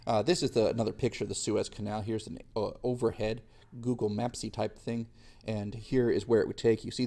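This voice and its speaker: A man's voice: on the low side, steady tone, a little fast, dark tone. A young man teaching history in a casual, slangy lecture, sarcastic and acting out quoted voices.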